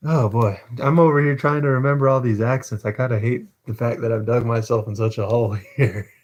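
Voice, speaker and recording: A man's voice: mid-range voice, a little fast, highs cut off. Man casually reading a novel aloud. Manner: relaxed, self-deprecating asides. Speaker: livestream reader.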